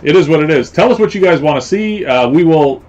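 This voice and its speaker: A man's voice: a little high, animated, fairly quick, a little mellow, muffled recording, faint music behind. A man hosting a casual live stream, rambling along with lots of fillers and repeated phrases. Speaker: host.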